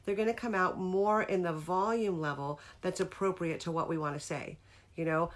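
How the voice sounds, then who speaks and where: Middle-aged lady, lowish voice, chatty earnest coaching talk, greets viewers as she goes. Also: expressive, fairly quick. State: tearful near the end. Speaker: host of a live-streamed talk. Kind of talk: casual live-stream coaching talk.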